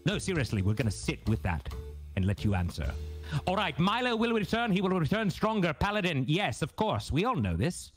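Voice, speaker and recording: A man's voice: fairly high pitch, big pitch swings, fairly quick. A man playfully hosting a live intermission, reading viewer messages in a mock-grand, theatrical, teasing manner. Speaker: intermission host reading chat. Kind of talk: playful live-stream chat banter. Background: jazzy background music.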